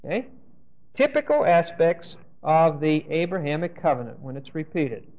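A man's voice: a little high, big pitch swings, normal speed, dull audio. A man teaching a Bible class, reading verses aloud and often checking in with the class by asking "okay?". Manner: reads scripture aloud and explains it.

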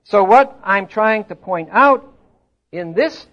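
Older male preacher, high-pitched, teacherly and emphatic, slightly muffled recording. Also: expressive, slow. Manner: teacherly, asks the congregation questions, stresses words emphatically. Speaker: pastor. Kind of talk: expository sermon. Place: church hall before a congregation.

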